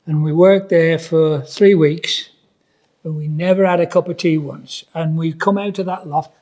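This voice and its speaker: Husky older builder telling stories. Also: male voice, fairly high pitch, darkish tone. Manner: rambling storyteller, many restarts and "you know"s. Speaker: podcast co-host, builder. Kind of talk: casual chat.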